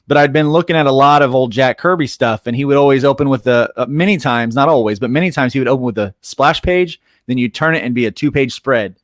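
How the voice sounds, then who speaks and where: A comic book writer and artist talking casually on a panel, rambling, with many restarts. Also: male voice, mid-range voice, dry recording, clean studio sound.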